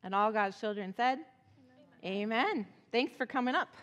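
A woman with a fairly high voice tells a Bible story to children in a casual, lively way, acting out each character's lines. Her voice rings with the long reverb of a church sanctuary. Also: normal speed, highs cut off. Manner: casual, animated storytelling with acted-out quotes.

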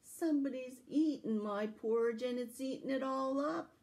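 A woman voicing a small, eager young bear cub in a read-aloud fairy tale, in a squeaky, excited storytelling voice. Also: normal speed. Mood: indignant.

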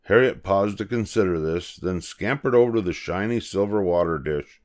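An older man, a grandfather, reading a children's book aloud in a measured, gentle way. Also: low-pitched, animated. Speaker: storyteller.

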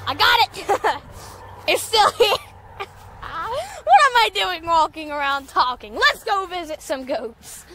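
A young woman records a casual vlog outdoors on a farm, rambling and giggling and using "like" constantly. Her high, sing-song voice bounces up and down at a slow pace, and the noisy recording picks up goats and sheep bleating behind her.

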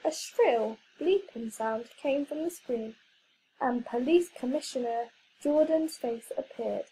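A woman reading a children's story aloud, clear and expressive. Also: high-pitched, slow, slight background noise, poor audio.

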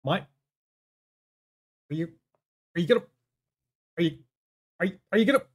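A man hosting a comedy show, stammering and exasperated as he argues with a silent sidekick, now and then bursting into yelling. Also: sits high, animated, normal speed. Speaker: show host. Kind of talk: comic monologue arguing with a silent sidekick.

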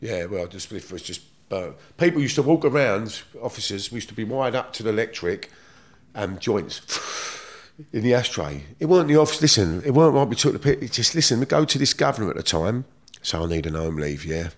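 A man's voice: mid-range voice, very animated, brisk. A middle-aged man with a London accent, telling stories from his past in blunt, streetwise slang, swearing freely. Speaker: guest. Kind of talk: casual storytelling.

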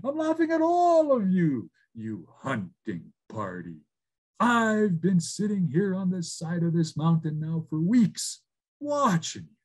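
A man voicing a wise old male spirit who teases slowly and with amusement, over a video call. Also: sits high, huge pitch swings, a little mellow, voice pushed up, full character voice. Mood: amused. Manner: amused, teasing, slow and drawn out.

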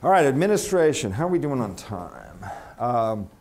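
A man giving a conference lecture as a veterinarian, chatty and halting with restarts, quizzing the audience. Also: mid-range voice, sing-song, a little mellow. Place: conference room.

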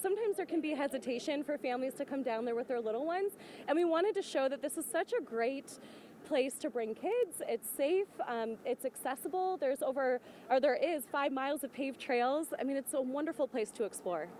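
A woman's voice: sits high, animated, brisk, a little mellow, slight background noise. A woman who leads a hiking group, speaking outdoors in an earnest, informative way. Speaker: parks hiking group leader. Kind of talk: live TV interview. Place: outdoors at a city park.

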